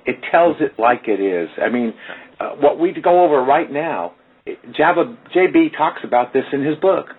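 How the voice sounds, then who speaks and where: Radio host, male, emphatic and preachy, husky, phone-line sound. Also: a little high, expressive, moderate pace. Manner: emphatic, preachy, addresses listeners directly. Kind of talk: casual radio talk.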